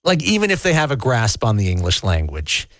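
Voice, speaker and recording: A man hosts a morning radio show with a chatty, joking manner. His voice moves lively up and down, in a dry studio with no room sound. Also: medium pitch, brisk, no echo. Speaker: radio host. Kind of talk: casual morning radio chat.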